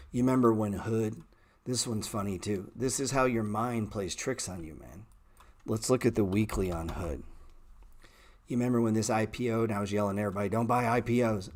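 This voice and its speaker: A middle-aged man hosting a stock trading livestream, talking bluntly and sarcastically with swearing, and jumping into animated, louder rants. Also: fairly quick. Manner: animated rants that jump in pitch and volume. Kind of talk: casual livestream chat.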